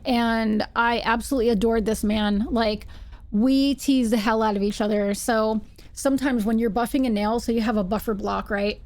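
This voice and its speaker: A woman streamer telling animated stories while playing a game, acting out quotes and screaming when startled. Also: on the high side, moderate pace, no room sound. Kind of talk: casual storytelling while gaming.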